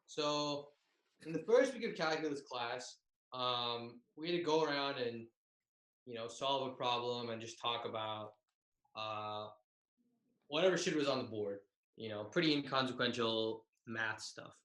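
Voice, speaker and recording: Bright-voiced man, loose and profane. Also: medium pitch, unhurried, echoey room, low-quality recording. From Bay Area, California. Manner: loose, profane, self-mocking. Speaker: comedian. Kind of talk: tag-team comedic storytelling. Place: home over a video call. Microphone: video call.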